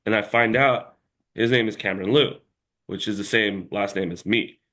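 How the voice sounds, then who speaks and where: A man's voice: lowish voice, normal speed, pushed and bright. A man telling a long story as an interview guest in a casual chat, rambling and packed with filler words.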